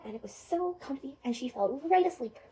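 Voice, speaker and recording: A woman teacher telling a children's story in an animated way, asking the children questions. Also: high voice, brisk, far from the mic, low-quality recording.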